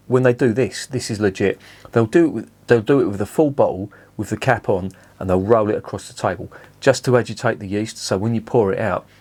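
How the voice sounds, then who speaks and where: A man reviewing beer in a blunt, sweary, animated rant. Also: fairly low pitch, breathy edge. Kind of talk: casual ranting review.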